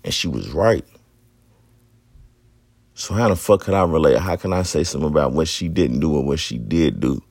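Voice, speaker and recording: Man, 30s, podcast host. Very low, gravelly voice, dry close mic. Blunt, profane, candid monologue. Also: animated, normal speed, pauses often, darkish tone, no echo. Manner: blunt, profane street talk.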